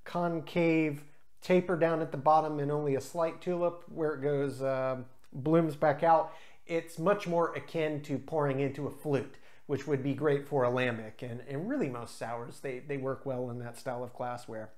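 His voice is mid-range and darkish, with fairly even intonation, as he hosts a craft beer channel. He tastes and explains beers casually and unscripted, chatting with plenty of filler pauses.

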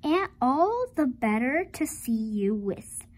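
A woman voicing a wicked, hungry male wolf in a storybook reading, with a low, slow, quiet growl. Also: sing-song, full character voice. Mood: sly menace.

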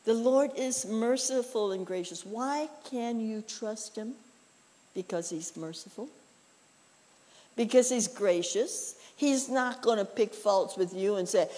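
A woman's voice: fairly high pitch, unhurried, mellow, big-room sound. A woman preaching a conversational sermon, telling personal stories in a folksy way with frequent "you know" asides. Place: church.

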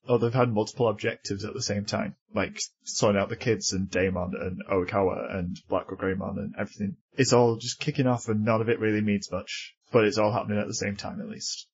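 A man co-hosting a podcast in casual chat, chatty and quick to laugh. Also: lowish voice, level tone, lo-fi sound, slight background noise. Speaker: podcast co-host.

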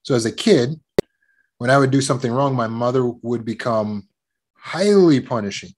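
A man telling a personal childhood story and giving self-help advice as a trauma recovery coach, often repeating words and laughing as he talks. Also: medium pitch.

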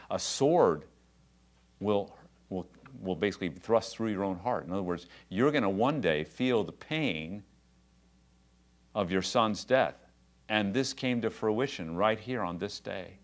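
A man's voice: on the low side, animated, measured pace. A man preaching a sermon as pastor, talking conversationally and then building to passionate, rising emphasis. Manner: conversational asides with quiet drops.

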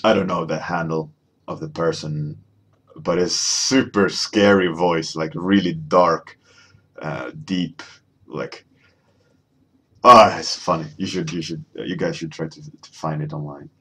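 Very deep husky male artist. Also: measured pace, fairly bright tone. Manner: rambling, many fillers and restarts. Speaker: artist streaming a painting warmup. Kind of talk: casual chat while painting, reading chat.

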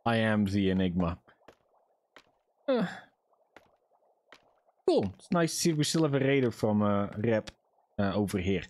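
Very animated yet a little slow, with long pauses, this young man's mid-range, darkish voice carries a casual gaming livestream. He's profane and chatty, joking to himself and his viewers while he plays.

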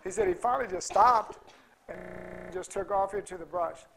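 Folksy man, gravelly voice. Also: sits high, normal speed, a bit bright, slight background noise, poor audio. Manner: rambling, folksy, many restarts and fillers. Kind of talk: casual storytelling talk.

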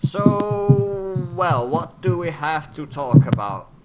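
A man's voice: fairly high pitch, slow pace, a loud crowd. Playful man gaming. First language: Dutch. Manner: playful, excitable, jokey. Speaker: gamer. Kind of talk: casual gameplay chat. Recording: clear background noise.

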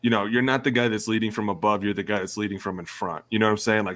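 Thirties male ex-player guest; low-pitched, animated anecdote teller who voices the people he quotes. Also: fast talker, few pauses. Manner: animated storyteller, acts out quotes. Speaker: former NFL player, guest. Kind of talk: casual podcast chat.

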